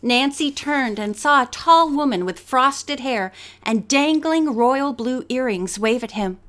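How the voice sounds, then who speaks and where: A woman narrating an audiobook with a measured, expressive reading. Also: sits high.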